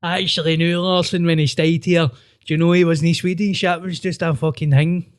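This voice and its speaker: A man's voice: fairly high pitch, little pitch movement, normal speed, clean tone, no room sound. Laid-back Glaswegian man, dry sound. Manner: laid-back, short replies, sweary. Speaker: podcast co-host. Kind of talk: casual chat.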